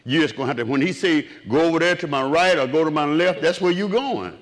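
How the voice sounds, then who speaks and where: A man preaching a sermon, swinging from low, quiet murmurs up to raised cries. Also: fast.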